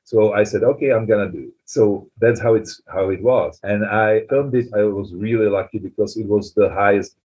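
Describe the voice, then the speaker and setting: A man's voice: on the low side, moderate pace, hardly any pauses. A man in his forties with a Czech accent, a film director telling anecdotes in an interview, peppered with "you know". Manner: animated storyteller, frequent "you know". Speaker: film writer-director guest. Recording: dull lo-fi sound.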